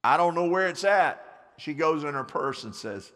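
A man's voice: on the high side, animated, normal speed, fairly bright tone, big-room sound. A male pastor preaching a sermon, drawing the congregation into call-and-response with sweeping swings of voice. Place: church sanctuary.

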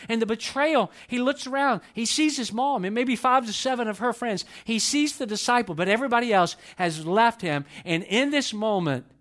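Guy preaching in church, kinda high voice, repeats lines, goes big then goes quiet. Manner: impassioned, repetitive preaching with sudden swells and hushed drops. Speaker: pastor. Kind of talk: sermon. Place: church service.

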